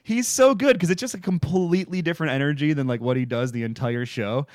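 A man's voice: a little high, fast talker, no room sound, clean studio sound. A man co-hosting a podcast, chatting casually about a TV episode with enthusiasm, swearing and laughing often. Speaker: podcast host. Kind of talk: casual TV recap chat.

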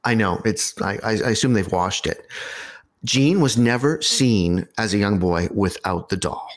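A man hosting a podcast, telling a story in a casual, animated way with wry asides. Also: on the low side, unhurried.

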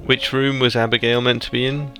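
A man playing a tabletop horror game, calm and reassuring as his character. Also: medium pitch, brisk, music in the background. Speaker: player. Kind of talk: casual tabletop play.

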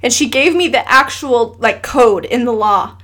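A woman's voice: a little high, unhurried. A woman in her thirties, a guest telling a personal story in casual conversation, earnest and emotional, acting out what others said. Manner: animated, quotes others in lively asides.

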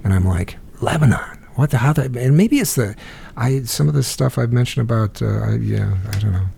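A man's voice: lowish voice, expressive, fairly quick, vocal fry, dark tone, breathy edge. A man hosting a podcast, rambling through stories in casual banter. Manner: rambling, many fillers and restarts. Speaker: podcast host.

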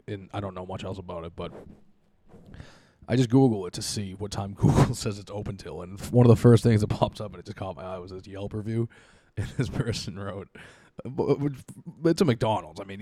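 Laid-back, low-voiced podcast host. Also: male voice, expressive, fairly quick, dark tone, dry recording, studio quality. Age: young adult. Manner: rambling, joking, swears a lot, laughs often. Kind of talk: casual chat. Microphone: close podcast mic.

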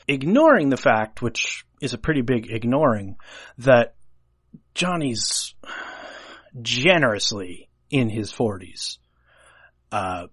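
A man's voice: mid-range voice, dry recording. A man co-hosting a podcast, talking through a film script in a chatty, analytical way with hesitant fillers. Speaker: podcast co-host. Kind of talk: casual discussion of a film script.

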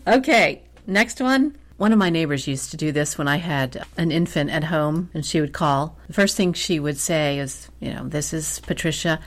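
A woman co-hosting a podcast, speaking in a measured, wry way. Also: sits low. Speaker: podcast co-host. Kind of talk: casual chat.

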